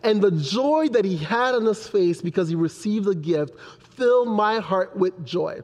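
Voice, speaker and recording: A young man preaching a sermon in an animated way, acting out his children's voices. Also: sits high, moderate pace, big-room sound. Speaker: pastor.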